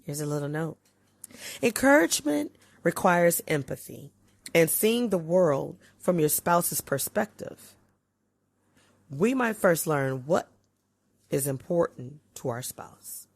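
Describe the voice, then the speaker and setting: A woman podcast host reading aloud from a relationship book, with expressive swings in pitch and loudness. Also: a little slow, vocal fry, no echo.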